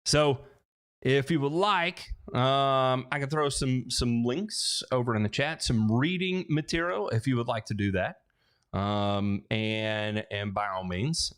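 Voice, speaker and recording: A man's voice: mid-range voice, measured pace, smooth. A man hosting a casual livestream on a headset mic, answering viewer questions in a rambling way with lots of restarts, fillers and joking asides.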